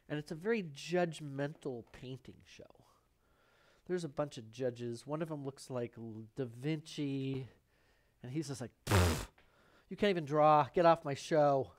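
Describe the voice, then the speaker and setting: Recorded in a painting studio, a man hosts a live painting demonstration, rambling, talking to himself, and cracking jokes as he paints. His voice is a little high with a darkish tone, at a normal speed.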